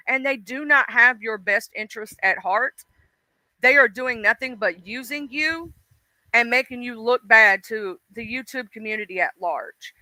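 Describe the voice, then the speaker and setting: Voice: mid-range voice, bright, forceful tone, dry recording. A livestream host ranting bluntly and profanely, speaking straight to the audience. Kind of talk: casual livestream rant.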